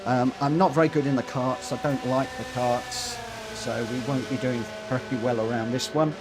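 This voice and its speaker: Over very noisy audio, a man with a medium-pitched, animated voice talks at a moderate pace. He's streaming a racing game, voicing the chat and chatting with many fillers while slightly short of breath, as live stream commentary.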